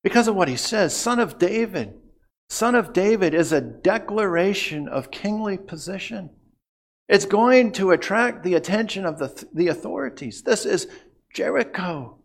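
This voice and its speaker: A high-voiced man delivers a sermon at a slow, deliberate pace. He drops to near-whispers before surging into emphatic, declarative lines. He lets long pauses hang between his phrases. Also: gravelly. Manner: dramatic swings from hushed to emphatic. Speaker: preacher. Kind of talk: expository sermon.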